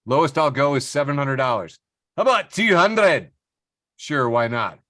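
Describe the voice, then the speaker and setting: A man's voice: fairly high pitch, lively intonation, moderate pace, bright, forceful tone, no echo, studio quality. A man putting on a comic Scottish haggler. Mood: mock haggling. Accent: Scottish (put on). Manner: exaggerated comic dialogue voice.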